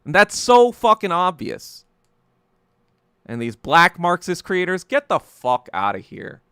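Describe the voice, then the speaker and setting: Heated, profane man with a lively, bright voice. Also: high voice, a little slow, clear, resonant tone, dry recording, studio quality. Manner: repeats and restarts words when agitated. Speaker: podcast host. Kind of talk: solo podcast monologue.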